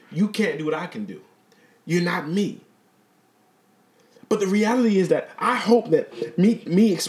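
A man's voice: a little high, darkish tone. A middle-aged man hosting a podcast, talking earnestly in a motivational monologue that stumbles and repeats words. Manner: repetitive, stumbling, earnest and exhortative. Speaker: podcast host.

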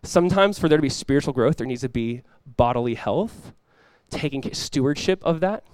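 A man's voice: mid-range voice, animated, fairly quick, a little mellow, no echo. A man preaching a sermon as pastor, talking casually with the congregation and rising into emphatic bursts.

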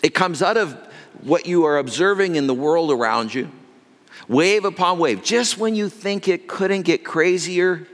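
A man's voice: a little high, measured pace, long reverb tail. A male pastor delivering an earnest, emphatic sermon.

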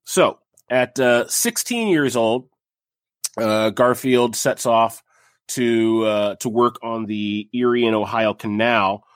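A man's voice: mid-range voice, slow pace, no room sound, clean studio sound. A young adult man casually telling a history story on a podcast, rambling with fillers and jokey asides.

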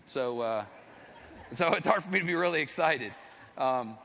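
A man's voice: mid-range voice, animated, unhurried, creaky, pushed and bright, some chatter behind. A man, a father, telling his faith testimony in an earnest, rambling, self-deprecating storytelling way. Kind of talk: personal storytelling. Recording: long reverb, echoey hall.

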